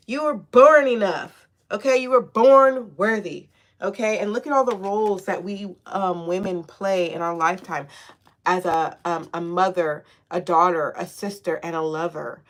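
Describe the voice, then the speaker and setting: A woman giving a casual spiritual tarot reading, sassy and slangy with swearing and a steady stream of encouragement, often checking in with "okay?". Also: mid-range voice. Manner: sassy, slangy and profane, with frequent "okay?" and laughs; encouraging and affirming. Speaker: tarot reader.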